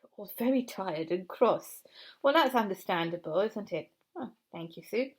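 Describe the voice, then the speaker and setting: A woman reading a children's story aloud in a gentle, expressive way, with asides to a puppet. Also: medium pitch, normal speed, husky.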